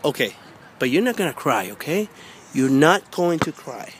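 A man's voice: sing-song, moderate pace. Man, outdoor coaching, repetitive encouragement, faint background noise. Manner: encouraging, repetitive coaxing, gets loud and high when urging. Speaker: father coaching his daughter at basketball. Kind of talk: casual coaching. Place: outdoors by a hoop.

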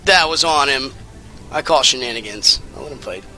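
A man in his thirties giving casual, rambling and jokey commentary while playing a game, with sudden excited outbursts. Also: medium pitch, normal speed, soft background music. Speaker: let's play commentator.

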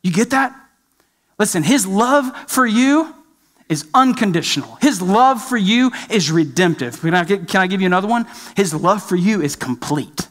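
A male pastor delivers a sermon with emphatic repetition. His voice sits high for a man, and he keeps putting direct questions to the listeners. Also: lively intonation, normal speed, fairly bright tone.

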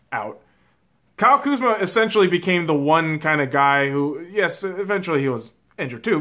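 A man's voice: a little high, fairly bright tone. A man hosting his own sports vlog, ranting casually with a lot of swearing and addressing his audience as boys and girls. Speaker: sports vlogger. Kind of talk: casual profane rant.

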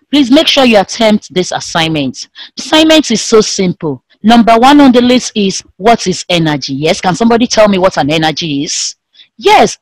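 A woman teaching an online science class to young pupils in a slow, sing-song way, imitating the sounds of animals and objects. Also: medium pitch, fairly bright tone, no echo, poor audio. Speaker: primary school teacher.

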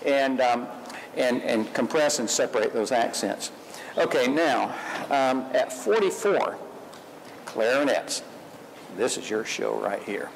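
A man's voice: medium pitch, expressive, slow, gravelly, a little hiss or hum, rough recording. A man leading a school band rehearsal, giving upbeat, encouraging instructions and singing the rhythms on syllables. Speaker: band clinician conducting a rehearsal.

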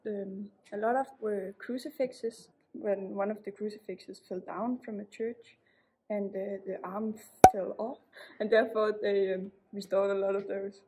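A woman's voice: mid-range voice, fairly even intonation, moderate pace. Plain young Danish-accented woman. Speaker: student vlogger. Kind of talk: casual vlog report. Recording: noisy background.

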